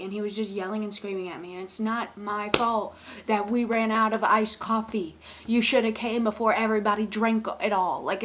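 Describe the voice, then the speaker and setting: A woman's voice: medium pitch, fairly bright tone. A young woman who works as a cashier, ranting casually and profanely about customers with exasperated emphasis. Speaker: convenience store cashier.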